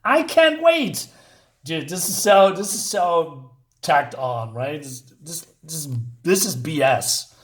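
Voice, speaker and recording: A man's voice: fairly high pitch, slow pace. A man reviewing a comic book in a rambling rant, exasperated and sarcastic, with many fillers and restarts. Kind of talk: ranting review.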